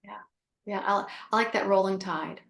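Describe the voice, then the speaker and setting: A woman's voice: mid-range voice, fairly even intonation, normal speed, vocal fry, a bit bright. A woman guest on a call giving a casual spiritual teaching, repeating her phrases and acting out little self-talk examples. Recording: roomy echo.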